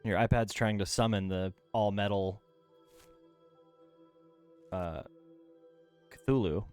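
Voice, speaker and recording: A man's voice: lowish voice, a little slow, long pauses, soft background music. A man streaming a video game from home, chatting casually in a playful, rambling way. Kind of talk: casual gameplay stream chat. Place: home room.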